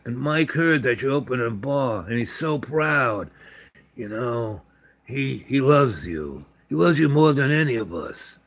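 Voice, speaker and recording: A man playing a smooth-talking adult mob underling who speaks in an ingratiating, persuasive way. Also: mid-range voice, bright, forceful tone, exaggerated voice.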